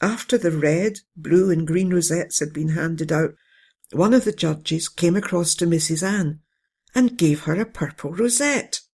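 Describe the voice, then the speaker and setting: A storyteller reading a children's bedtime story in a gentle, steady way. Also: medium pitch, measured pace, husky. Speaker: narrator.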